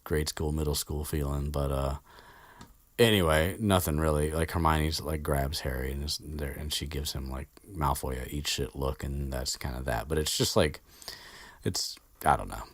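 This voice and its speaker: A man's voice: a bass voice, normal speed, no room sound. A man hosting a podcast, recapping a book in a casual, rambling way with lots of fillers and offhand swearing.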